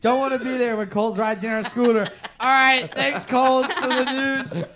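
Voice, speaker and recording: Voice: sits high, steady tone, moderate pace, noisy background. A host of an internet radio show, chatting and joking with co-hosts and handing off segments in an easygoing way. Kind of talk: casual studio banter.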